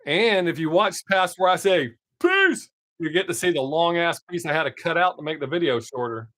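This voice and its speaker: A man's voice: a little high, brisk, a bit bright, no echo, studio quality. A man hosting his own live stream, chatting casually with viewers, reading their comments and swearing freely. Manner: profane, laid-back, talks to chat viewers by name.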